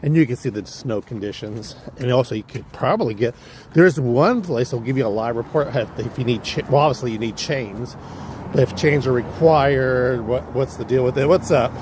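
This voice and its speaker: A man with a Californian accent tells a long story off the cuff, swearing freely and jumping between thoughts. His voice sits in an ordinary middle pitch. There is a faint hum of traffic behind him. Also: normal speed. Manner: rambling, profane, animated storyteller. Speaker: livestream vlogger. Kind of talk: casual storytelling chat.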